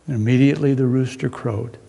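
A man preaching a sermon in a dramatic storytelling way, pausing and repeating phrases. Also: medium pitch, fairly even intonation, creaky, warm tone, breathy edge. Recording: reverberant hall.

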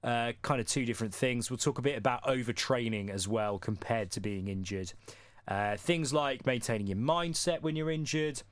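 A man's voice: mid-range voice, fairly even intonation, normal speed, dry recording. Rambling man co-hosting a podcast. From United Kingdom. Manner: rambling, many fillers. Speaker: podcast co-host. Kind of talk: casual podcast chat.

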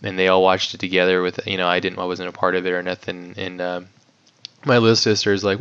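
A man's voice: deep voice, little pitch movement, fast talker, a bit bright, smooth. A man talking as a guest filmmaker in a casual interview, rambling with lots of "like" and the odd swear word. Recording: dull lo-fi audio.

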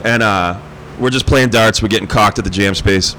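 A man's voice: on the low side, normal speed, sharp tone, low-quality recording. A man, telling a rowdy story in casual chat, laughing often and swearing freely. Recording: faint background noise.

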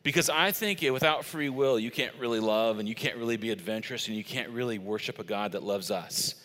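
A man's voice: medium pitch, fairly quick, fairly bright tone. A middle-aged man preaching a sermon, telling stories conversationally with emphatic stresses. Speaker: pastor. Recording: long reverb of a large church hall.

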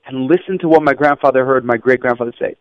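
A man teaching schoolchildren through stories, lively and acting out the voices of people in them. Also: fast talker, no room sound. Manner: animated, acts out quoted voices with raised pitch. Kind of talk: storytelling lesson. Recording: dull lo-fi, dry.

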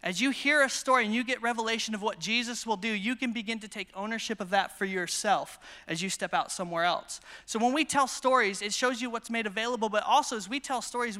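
An American man preaching at a conference, telling testimony stories with self-deprecating humor and quick repetitions. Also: high-pitched. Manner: storytelling, self-deprecating humor, repeats words when excited. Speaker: conference speaker. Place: large conference hall. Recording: long hall reverb.

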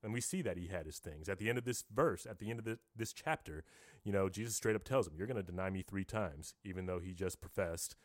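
A man with a fairly low voice talks casually on a podcast, animated and quick to laugh. The sound is dry and close to the mic. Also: no echo. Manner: animated, laughs easily, religious reflection. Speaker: podcast co-host.

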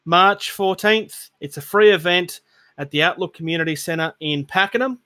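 Here a pushed, bright voice on the high side comes from an Australian podcast co-host who talks a little fast. He rambles and mocks himself with frequent laughter in a casual tabletop gaming chat, recorded with no room sound.

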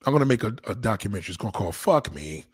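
A man's voice: lowish voice, big pitch swings, racing, breathy edge, dry recording. A man hosting a casual streamed chat, talking in a crude, rambling way full of street slang. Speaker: host.

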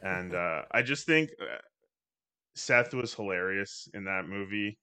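A man's voice: low-pitched, lively intonation, measured pace, bright, forceful tone, clean tone. A man chatting casually on a podcast, thinking aloud with many hesitations. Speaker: podcast co-host.

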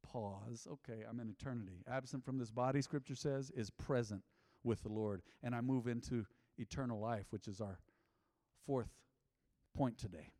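A man's voice: mid-range voice, normal speed, mellow, in a large hall. A man preaching a sermon as a pastor, emphatic and full of rhetorical questions.

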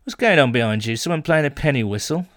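A man from the United Kingdom hosts a casual fan podcast. He reads listener messages and answers each with a quick joke. His voice sits close and dry on the mic, with no room sound. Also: medium pitch, animated, a bit bright, no echo. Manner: chatty, jokey, reads messages then reacts. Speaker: podcast host.

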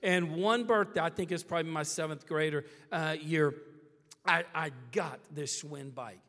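High, bright-voiced preacher man in a hall. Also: moderate pace. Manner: animated, dramatic, keeps checking in with "all right?" and "okay?". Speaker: pastor. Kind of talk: storytelling sermon. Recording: long reverb of a big hall.

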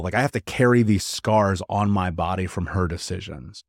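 A man's voice: low-pitched, moderate pace, no room sound, studio quality. A man who is a podcast guest, telling personal stories in a frank, casual way, often saying "like" and repeating words for emphasis. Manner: frank, conversational, peppered with "like"; emphatic repetition. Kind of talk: candid personal storytelling interview.

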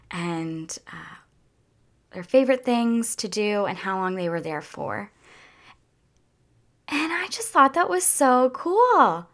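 A woman talking casually to her viewers in a heartfelt, chatty way, near tears and drifting into soft whispers at times. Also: medium pitch. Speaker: vlogger. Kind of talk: casual personal talk to viewers.

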